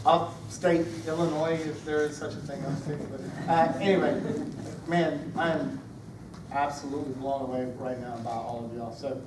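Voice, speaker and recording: A Southern man from Georgia, probably in his forties, giving a heartfelt, halting retirement speech full of fillers and restarts. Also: a little high, little pitch movement, background noise. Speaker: retiring Air Force senior master sergeant. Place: ceremony room. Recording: echoey room, speaker far from mic.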